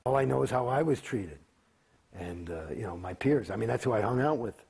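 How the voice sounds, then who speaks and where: A man giving a candid interview in a heated, profane, rambling way, swearing often, in a gravelly, husky voice. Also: lively intonation, fairly quick. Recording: quiet, low-volume recording.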